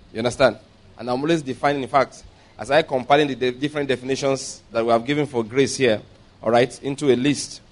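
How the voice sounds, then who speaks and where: Emphatic preacher man. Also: on the high side. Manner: emphatic, stretches key words slowly, asks the congregation for agreement. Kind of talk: sermon.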